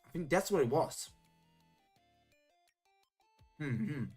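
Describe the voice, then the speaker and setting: A woman's voice: low-pitched, expressive, slow pace, dark tone, breathy edge, soft background music. A woman streamer reading old children's rhymes aloud in a playful, theatrical way, adding joking comments between them. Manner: playful, theatrical, jokey asides.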